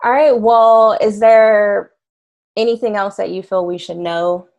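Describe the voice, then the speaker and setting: Slow, gravelly woman interviewer. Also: medium pitch, lo-fi sound. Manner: relaxed, brief replies. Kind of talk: casual interview chat.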